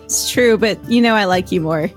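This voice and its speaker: A woman's voice: medium pitch, moderate pace, soft background music. A woman on a casual podcast, stuffed up and tired from a cold, chatting in a joking, self-deprecating way.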